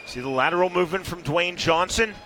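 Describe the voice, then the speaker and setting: Male play-by-play caller, high voice, quick calls, shouts on big strikes. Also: noisy background. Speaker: play-by-play commentator. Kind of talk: fight play-by-play commentary.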